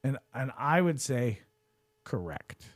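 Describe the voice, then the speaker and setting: A man's voice: fairly high pitch, expressive, a little slow, a little mellow. A man co-hosting a casual combat sports podcast, joking and rambling in a loose, playful way. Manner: joking, rambling, puts on goofy voices. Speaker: podcast co-host. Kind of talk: casual chat.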